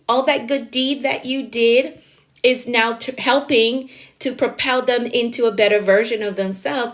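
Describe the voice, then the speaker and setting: Animated woman coaching with emphatic bursts. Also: a little high, a little slow. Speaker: productivity coach. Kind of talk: live coaching talk.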